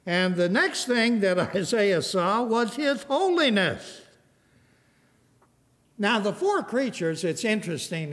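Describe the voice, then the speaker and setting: Older guy preaching, slow and drawn out, echo rings on in a big hall. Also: sits high. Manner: animated preaching, swells loud then drops soft. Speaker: pastor. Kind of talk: sermon.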